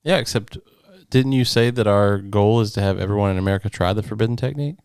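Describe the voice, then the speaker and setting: A man's voice: lowish voice, quick pace, darkish tone, clean tone, no echo, clean studio sound. A young man co-hosting a podcast, making wry teasing quips in casual chat. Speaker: podcast co-host.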